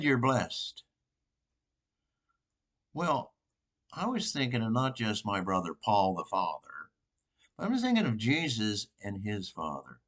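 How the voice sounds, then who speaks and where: Slow, rambling older priest. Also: male voice, fairly low pitch, fairly bright tone. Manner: slow, rambling and conversational, with pauses and restarts. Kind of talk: informal sermon reflection.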